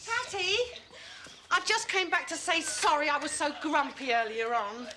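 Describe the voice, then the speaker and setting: A motherly friend with a very high, animated voice, coaxing and firm by turns. It comes off an old tape with loud hiss behind. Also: normal speed. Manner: warm, coaxing and firm, like scolding a child. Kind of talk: children's TV acting.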